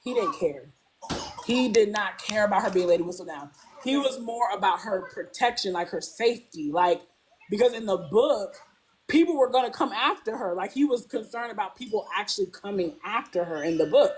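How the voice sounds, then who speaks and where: Woman, casual guest chat, animated, acts out quotes, lots of "like". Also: normal speed. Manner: animated, acts out characters' lines with big pitch jumps; peppers speech with "like". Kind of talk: casual fan discussion.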